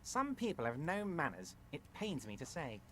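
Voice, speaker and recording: A man voicing a large, smooth-talking union boss in a game, oily and ingratiating. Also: on the high side, wildly swooping pitch, normal speed, noisy background. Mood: smug. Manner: oily, ingratiating, mock-friendly. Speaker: game character. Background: game music.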